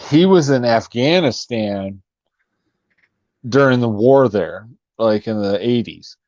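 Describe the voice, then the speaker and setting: Relaxed guy guest on a podcast, chuckles a lot, kinda dull lo-fi dry sound. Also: medium pitch, slow, no room sound. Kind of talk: casual chat.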